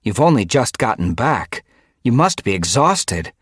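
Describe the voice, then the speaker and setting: A man's voice: mid-range voice, sing-song, measured pace, husky, no echo, voice pushed up. A caring she-cat urges rest in a raised, worried voice, as a man reads her lines. Her tone is concerned and pressing, recorded dry and close. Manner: concerned, urging.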